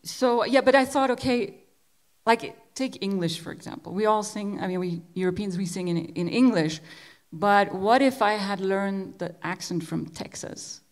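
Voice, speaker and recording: A woman from Belgium, a musician, giving a relaxed conversational lecture and often repeating words as she searches for the next thought. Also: medium pitch, normal speed.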